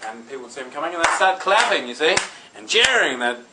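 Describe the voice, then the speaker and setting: A man's voice: on the high side, very animated, quick pace, very noisy. A man hosting a show, telling a rambling, playful comic story in a chatty way. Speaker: host.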